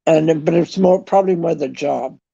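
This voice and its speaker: A woman's voice: low-pitched, normal speed, vocal fry, dark tone, breathy edge, dry recording. Canadian woman, middle-aged, casual livestream host, dry close sound, slightly dull. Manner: chatty storytelling, laughs often. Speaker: livestream host chatting with viewers. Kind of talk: casual chat.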